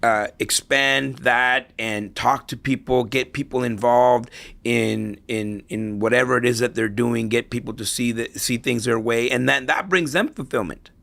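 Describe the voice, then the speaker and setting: Speaking with vocal fry in a fairly bright, mid-range voice, a middle-aged man tells casual stories as a guest in an interview. He's a real estate investor who keeps tagging his points with "right?", and he talks at a moderate pace.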